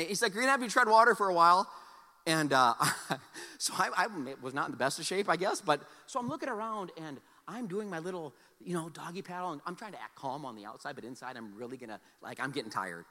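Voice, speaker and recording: A man preaching a sermon, telling a personal story with animated, loud exclamations and soft, earnest appeals. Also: a little high, quick pace. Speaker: pastor. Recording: long hall reverb.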